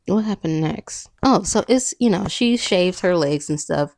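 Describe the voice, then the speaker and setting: Young woman host, chatty and rambling; lively pitch, dry close sound. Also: measured pace, vocal fry, few pauses, no room sound, rough recording. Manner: chatty, rambling, playful, laughs at herself. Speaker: podcast host recapping a film. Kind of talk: casual chat.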